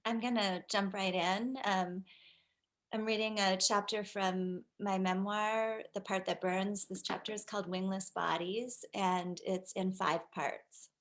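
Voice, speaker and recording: A woman from Minnesota reading a chapter of her memoir in a careful, measured way. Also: mid-range voice, fairly even intonation. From Minnesota, USA. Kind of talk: literary reading. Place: home, livestream video call.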